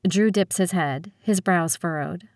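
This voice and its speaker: A woman reading a first-person audiobook with a steady, measured delivery. Her voice sits on the low side, and the sound is dry and close, with no room in it. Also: dry recording. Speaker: audiobook narrator.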